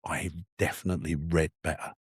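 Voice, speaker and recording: A man, a podcast guest who is an actor and comedian, telling a personal story in an animated, emphatic way. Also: brisk, husky, no echo, clean studio sound. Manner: animated, emphatic, often rising in pitch.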